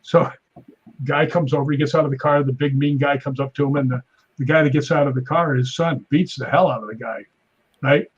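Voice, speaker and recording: A man's voice: a little fast, husky, dull audio. A man, a guest stuntman, telling stories casually on a podcast and acting out the quoted voices. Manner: animated storyteller, acts out quotes with raised pitch. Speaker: guest stuntman and paranormal investigator.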